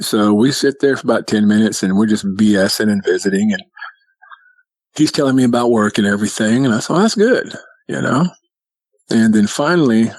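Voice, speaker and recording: A man's voice: on the low side, breathy edge, no room sound, low-quality recording. A middle-aged man telling his own encounter story in a casual, earnest, folksy way. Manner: earnest, matter-of-fact, folksy.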